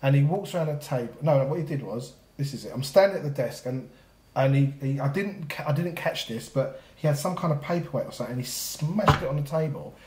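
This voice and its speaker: Fast-talking man telling a story. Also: a little high. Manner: animated storyteller, acts out voices in quotes. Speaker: podcast co-host. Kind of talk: casual storytelling conversation. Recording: echoey room.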